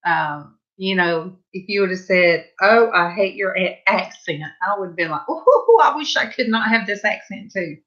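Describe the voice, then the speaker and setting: A woman's voice: mid-range voice, normal speed, hardly any pauses, sharp tone, muffled recording. A middle-aged woman with a Southern US accent chatting casually to her viewers while she paints, rambling and chatty with asides. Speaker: painting livestream host.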